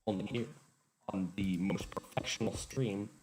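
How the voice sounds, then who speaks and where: Low-voiced male streamer, sarcastic and self-mocking, garbled robotic sound, noisy glitchy home mic. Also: steady tone, measured pace. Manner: joking, sarcastic self-mockery. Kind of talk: casual livestream chat. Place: home room. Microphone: faulty desk microphone.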